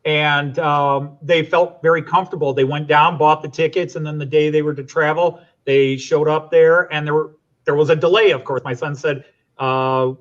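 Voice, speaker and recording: A man's voice: a little high, fairly even intonation, normal speed, muffled recording. A middle-aged man, a teacher, chatting and explaining at length as a guest on a casual stream. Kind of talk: casual storytelling.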